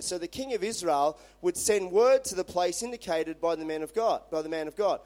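Brief: male pastor, fairly high voice, conversational animated sermon delivery. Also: fairly quick, few pauses. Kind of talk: sermon with scripture reading.

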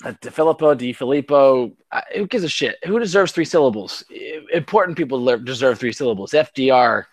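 A man's voice: medium pitch, expressive, a little fast. A tipsy man co-hosting a sports chat, rambling, profane, full of stammered restarts. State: tipsy from drinking. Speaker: podcast co-host.

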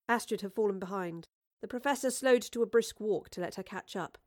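A woman narrating a fantasy audiobook in a measured storytelling manner. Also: mid-range voice, no echo, studio quality. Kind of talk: scripted narration.

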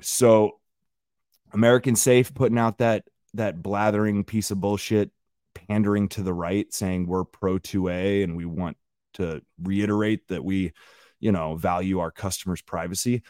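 A man's voice: fairly low pitch, darkish tone, no echo, studio quality. A man hosting a solo podcast, ranting bluntly and profanely while talking straight to his listeners. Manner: conversational, addresses listeners directly. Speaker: podcast host.

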